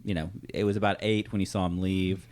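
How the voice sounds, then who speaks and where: A man running a tabletop game as game master, brisk and asking the players questions. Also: low voice, little pitch movement, darkish tone.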